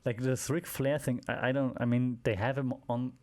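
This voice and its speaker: A man's voice: medium pitch, flat delivery, moderate pace, darkish tone. A man hosting a wrestling podcast, recapping shows in a casual, rambling way with many fillers, restarts and wry asides.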